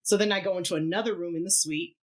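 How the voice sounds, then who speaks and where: A woman's voice: fairly low pitch, fast. A middle-aged woman, a keyboardist guest on a podcast, telling a story in casual chat, laughing often and acting out what people said. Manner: animated, laughs often, acts out quoted voices.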